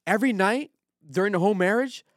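A man with a fairly high voice talks through a casual podcast, loose and profane. He is recorded close and dry, with almost no room sound. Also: fast, no room sound. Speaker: podcast host.

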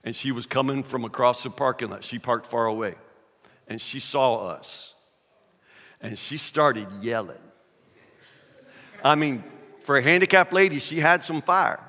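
A man's voice: mid-range voice, unhurried, pauses often, pushed and bright. An older man preaching a sermon, telling a humorous personal story in a chatty, self-deprecating way. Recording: echoey hall.

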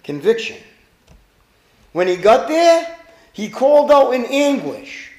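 Pastor guy preaching, real high voice that jumps all over, echoey room. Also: a little slow, pauses often. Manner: animated preaching, rhetorical questions to the congregation. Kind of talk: sermon.

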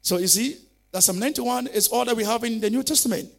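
A man's voice: very high-pitched, fast, creaky. A male pastor preaching a fervent sermon, calling on listeners to repeat declarations after him.

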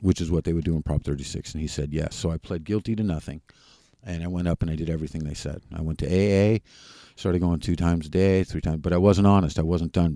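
A man, a podcast guest, candidly telling his personal recovery story in a plain-spoken, halting way with frequent restarts. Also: low voice, dark tone, no echo, clean studio sound.

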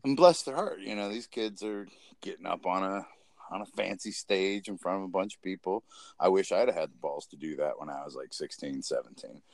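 Man, podcast co-host, rambling storyteller, laughs a lot, lowish voice, dry close sound. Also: expressive, fairly quick, vocal fry, dry recording. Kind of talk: casual chat.

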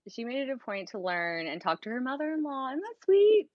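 A woman's voice: high voice, very animated, fairly quick, no echo, muffled recording. A young American woman, a podcast guest, telling a long personal story in casual chat. She talks animatedly, acts out the dialogue she quotes and says "like" often.

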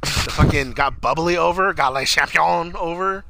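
A young man in casual chat, excitable and swearing often, acting out quotes in loud bursts. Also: on the high side, moderate pace, gravelly. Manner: excitable, swears a lot, acts out quotes loudly. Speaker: podcast co-host.

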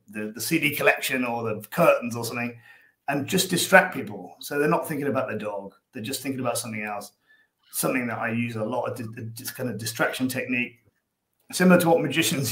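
A man's voice: medium pitch, a little fast, fairly bright tone. Rambling Irish man in an echoey room. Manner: rambling, repeats words, acts out scenes. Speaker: guest, dog behaviour coach. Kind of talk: casual podcast chat.

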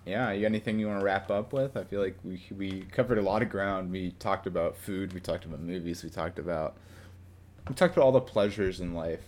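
A young man with a fairly low voice co-hosts a relaxed podcast. He rambles and restarts his sentences, often breaking into laughter as he goes. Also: brisk. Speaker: podcast co-host. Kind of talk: casual chat.

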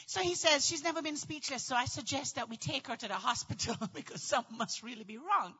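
Dramatic high-voiced woman storyteller. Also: fairly quick, slightly rough, lo-fi sound. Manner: dramatic, acts out voices, often shouts. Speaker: storyteller recounting childbirth. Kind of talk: animated personal storytelling.

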